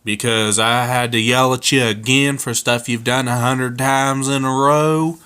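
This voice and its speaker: A man voicing a fed-up, sharp-tongued redneck wife who scolds and curses in a comedic storytime. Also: medium pitch, fairly even intonation, measured pace, clear, resonant tone. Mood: scolding. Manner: scolding, cursing.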